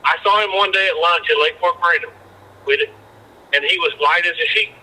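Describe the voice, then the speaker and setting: A man's voice: high voice, fairly quick, pushed and bright, low-quality recording. A man who used to be a fishing guide, telling rambling anecdotes with many restarts as a podcast guest. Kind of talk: casual storytelling chat.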